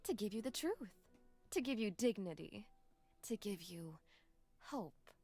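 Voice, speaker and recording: A woman voicing an earnest young woman in a game, gently persuading a friend and reciting scripture. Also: mid-range voice, expressive, unhurried, soft background music. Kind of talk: video game voice acting.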